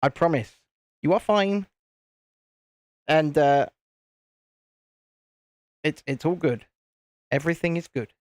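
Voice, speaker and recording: British male streamer, rambling chat, slightly high voice, dry close sound. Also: slow pace, pauses often, darkish tone, no echo. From United Kingdom. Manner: chatty, rambling, reads viewer chat aloud. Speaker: livestream host. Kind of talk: casual live stream chat while building. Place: home streaming setup with cameras and lights.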